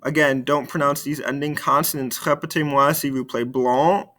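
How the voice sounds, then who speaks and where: A man teaching a recorded French lesson, slowly modeling words for students to repeat. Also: a little high, flat delivery, pushed and bright. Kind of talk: recorded video lesson with repetition drills.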